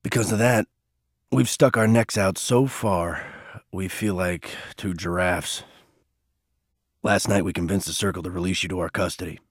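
Man doing a grave low older mentor. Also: steady tone, husky, no echo, studio quality. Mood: solemn. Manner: slow, grave, probing. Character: stern older male mentor, low and steady.

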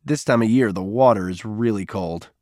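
A man's voice: fairly low pitch, moderate pace, warm tone, no echo, studio quality, close to an everyday voice. A man voicing a troubled teenage boy who speaks in a subdued, remorseful way.

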